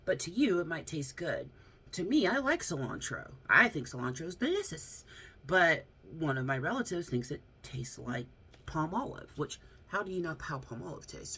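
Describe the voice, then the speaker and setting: A woman's voice: low voice, very animated, normal speed, fairly bright tone, husky. An American woman vlogging casually from home into her phone, rambling with lots of fillers and frequent laughs. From United States. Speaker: YouTuber. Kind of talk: casual vlog chat. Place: at home, seated close to camera. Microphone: phone front camera.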